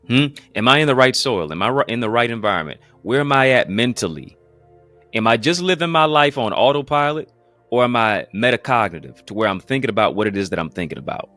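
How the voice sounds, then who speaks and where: Man, pastor, very deep voice, emphatic repetitive preaching, dry close sound. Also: a bit bright, dry recording. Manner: rhetorical questions with rising emphasis. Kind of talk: motivational preaching.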